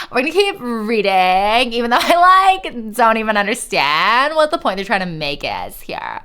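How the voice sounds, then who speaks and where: A woman livestreamer in casual chat, reading aloud to her viewers; excitable and chatty, swearing freely. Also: a little high, moderate pace, hardly any pauses, smooth.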